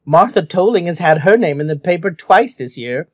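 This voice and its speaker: A man's voice: sits high, animated, normal speed, no echo, studio quality, pitched above the performer's own voice. A man putting on a fretful, self-pitying old woman. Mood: aggrieved. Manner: complaining, aggrieved whine.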